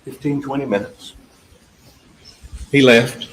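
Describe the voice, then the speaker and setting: A trial attorney gives a closing argument directly to the jury, speaking slowly in a steady, medium-pitched voice while being emphatic and repetitive. The courtroom audio is echoey with faint background noise.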